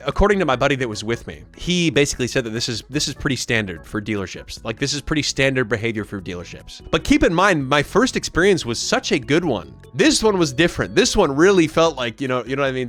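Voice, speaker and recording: A man's voice: mid-range voice, a bit bright. A young man casually telling a rambling story to his stream audience, often mimicking the people he quotes. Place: home streaming setup. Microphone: studio mic.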